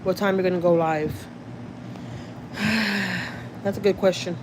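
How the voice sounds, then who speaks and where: A woman's voice: on the low side, steady tone, measured pace, noisy background. A woman from Houston, Texas with a Houston accent, chatting casually with viewers on a livestream from a car, reading comments and swearing freely. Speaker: vlogger, channel host. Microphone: phone.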